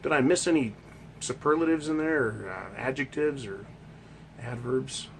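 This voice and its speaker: A man's voice: medium pitch, moderate pace, a little hiss or hum. A man hosting a ranting monologue, talking in a heated, emphatic and profane way. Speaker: host.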